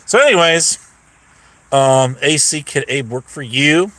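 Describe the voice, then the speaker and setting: A man's voice: on the high side, a little slow, bright, forceful tone, no room sound. A man ranting casually to his live chat as a stream host, swearing freely and telling a story with mocking impressions. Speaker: YouTube livestream host.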